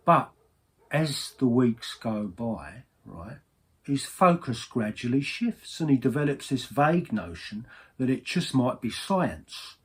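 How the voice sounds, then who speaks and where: A man's voice: medium pitch, darkish tone, slightly rough. Chatty man spinning a yarn. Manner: chatty, slangy, full of tag questions. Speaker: storyteller. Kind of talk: monologue storytelling.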